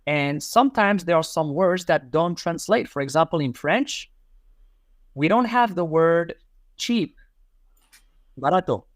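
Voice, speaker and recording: Man, educator guest, reflective and repetitive, slightly high voice, dry sound. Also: expressive, a little slow, dry recording. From Morocco. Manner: reflective, repeats key phrases for emphasis. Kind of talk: casual interview conversation.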